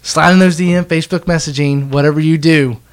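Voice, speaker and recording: A young man with a slightly high voice chatting casually on a podcast. He tells his story with jokes and quick laughs. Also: steady tone. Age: 20s. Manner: joking storyteller, laughs often. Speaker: podcast co-host. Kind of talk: casual chat.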